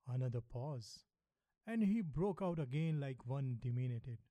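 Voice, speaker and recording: A man narrating a novel in the first person, reading in a measured, matter-of-fact way. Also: medium pitch, lively intonation, dark tone, no echo. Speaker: audiobook narrator.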